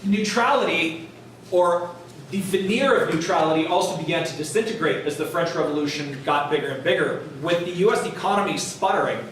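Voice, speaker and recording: This is a casual, joking college history lecture where a man acts out historical characters; his voice is a little high with a fairly bright tone. The audio, taken from far off in an echoey classroom, carries a little hiss or hum.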